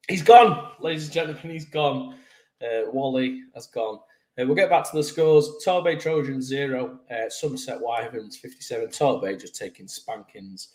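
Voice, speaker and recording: A man's voice: on the low side, roomy sound. A man hosting a casual sports chat show, joking and teasing his co-host with some swearing. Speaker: podcast host.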